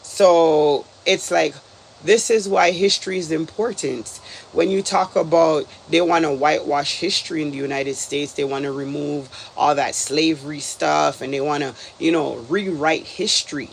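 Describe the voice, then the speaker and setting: A man's voice: a little high, fairly even intonation, moderate pace, creaky, slight background noise. A man from Canada talking casually as a reaction video host, exasperated and rambling, with lots of "like"s. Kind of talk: casual commentary.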